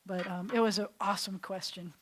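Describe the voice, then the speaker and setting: A middle-aged woman from New York, a rabbi teaching a Hebrew class in a chatty, animated way with frequent laughs. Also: mid-range voice, a little fast, slight background noise. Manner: chatty and animated, often laughing between points.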